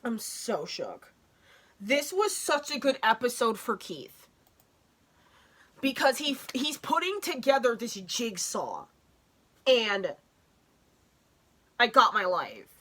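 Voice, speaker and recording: A woman gushing excitedly in casual commentary as she reacts to a show, swearing and breaking off mid-sentence. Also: on the high side, takes it slowly, pauses often.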